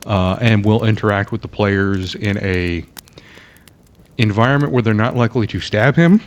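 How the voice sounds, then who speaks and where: Easygoing man from Alabama, halting. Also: on the low side. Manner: easygoing, halting, laughs at own jokes. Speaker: dungeon master. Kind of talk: casual podcast chat.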